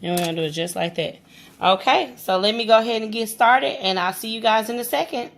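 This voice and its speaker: A woman's voice: on the high side, fairly quick, gravelly, a bit bright. Chatty woman giving a home cooking tutorial. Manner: chatty, addresses viewers as guys, some stammering. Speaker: cooking vlogger.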